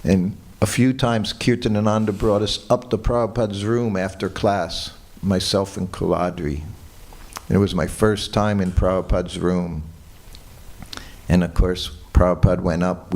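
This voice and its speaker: An older man giving a morning class at a temple, telling personal stories in a reminiscing, chuckling way. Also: low voice. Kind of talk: anecdotal temple lecture. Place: temple hall.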